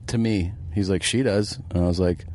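A man with an American accent, a comedian guest, telling stories in relaxed casual chat. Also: sits low, a little fast.

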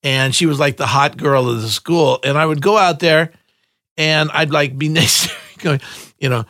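A man's voice: fairly high pitch, normal speed, a bit bright, no room sound, clean studio sound. An older man, a guest on a podcast, chatting casually and telling rambling stories with frequent laughs and acted-out quotes. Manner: rambling storyteller, laughs often, acts out quotes. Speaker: guest musician. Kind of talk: casual interview chat.

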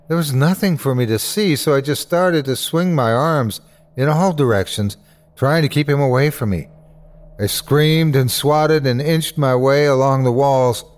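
A man hosting and narrating a horror story with a dramatic, expressive delivery. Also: medium pitch. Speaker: host and narrator.

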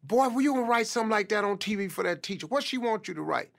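A man's voice: high voice, lively intonation, fast, creaky, voice pushed up, full character voice. A man putting on a stern scolding mother. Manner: sharp, scolding questions. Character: stern mother scolding her young son.

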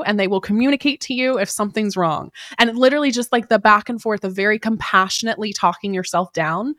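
A woman's voice: medium pitch, fast talker, hardly any pauses, fairly bright tone, dry recording, studio quality. A woman hosting a podcast, chatting animatedly and acting out her own inner dialogue. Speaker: podcast host. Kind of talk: casual podcast chat.

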